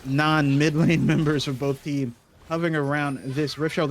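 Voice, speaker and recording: A man's voice: a little high, flat delivery, normal speed, a little hiss or hum. A man casting an esports match with chatty, joking play-by-play that often corrects itself. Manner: chatty, self-correcting, jokey. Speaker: esports caster. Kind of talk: play-by-play commentary.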